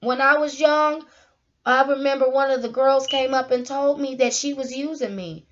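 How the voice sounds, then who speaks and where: A woman's voice: high voice, steady tone, normal speed, a bit bright. A woman speaking to camera about her life and faith, acting out the people she quotes with sudden raised, emotional delivery. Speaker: motivational speaker. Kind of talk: personal testimony monologue. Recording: dull lo-fi sound.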